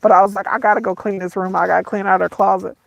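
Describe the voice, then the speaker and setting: A woman's voice: mid-range voice, little pitch movement, gravelly, no echo. Tearful woman telling a painful story. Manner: halting, repeats herself, addresses viewers as y'all. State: tearful, voice breaking at times. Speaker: vlogger. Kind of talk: emotional personal storytelling to viewers.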